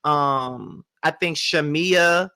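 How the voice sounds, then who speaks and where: A man's voice: a little high, extremely slow, gravelly, bright, forceful tone, clean tone, no echo. A man hosting his own commentary channel, ranting bluntly and profanely about a celebrity feud. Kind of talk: reaction commentary.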